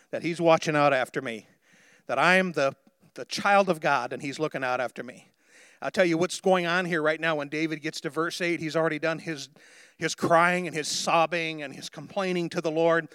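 A man's voice: fairly high pitch, steady tone, a little fast, fairly bright tone, clean tone, dry recording, studio quality. A male pastor preaching a sermon in a conversational way that builds to emphatic declarations.

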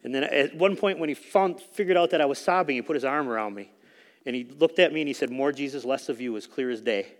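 A man's voice: on the high side, fast, big-room sound. A middle-aged man giving a conversational sermon testimony in a church, telling a story with frequent fillers. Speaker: speaker at church.

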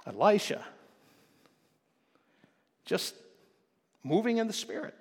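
A male pastor preaching a sermon, swinging from quiet explanation to loud, emphatic passages. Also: high voice, very animated, slow pace, husky, long reverb tail. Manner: preaching with rising intensity, shifting from quiet to loud.

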